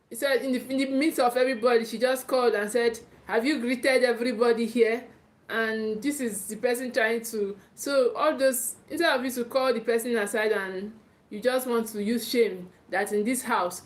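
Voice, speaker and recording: In a live talk, a woman with a Nigerian English accent coaches parents at a medium pitch. She speaks emphatically, often repeating and restarting her phrases and checking in with "okay".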